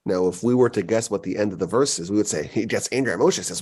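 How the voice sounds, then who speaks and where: A man giving a Torah lecture as a rabbi, animated and acting out quoted voices. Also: fast talker, hardly any pauses, husky. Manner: animated, acts out quoted voices with big pitch jumps.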